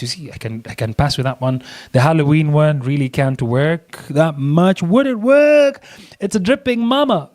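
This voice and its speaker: A man teaching a design software lesson, chatty and excitable, laughing often as he works. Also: fairly high pitch. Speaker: design tutor. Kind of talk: screen-recorded software tutorial.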